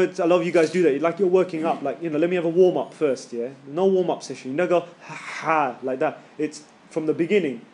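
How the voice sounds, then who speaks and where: A man's voice: on the high side, darkish tone. A man teaching Quran recitation to a class, casually, with slang, repeating each letter sound to demonstrate it. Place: classroom with students.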